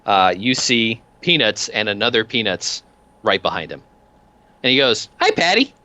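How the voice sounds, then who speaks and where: Game master man, low bright voice, rambling narration, lo-fi sound. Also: normal speed. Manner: loose, rambling narration full of "uh".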